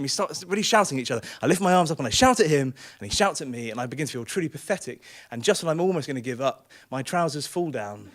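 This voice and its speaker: A man's voice: medium pitch, a bit bright. A man telling a comic personal story on a small theatre stage, self-deprecating and laughing through his lines.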